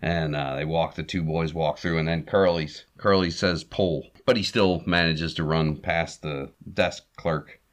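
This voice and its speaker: A man's voice: extremely low pitch, a little slow, hardly any pauses. A man hosting a podcast, casually retelling a comedy short with frequent chuckles and fillers. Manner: chuckles often, relaxed with fillers. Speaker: podcast host.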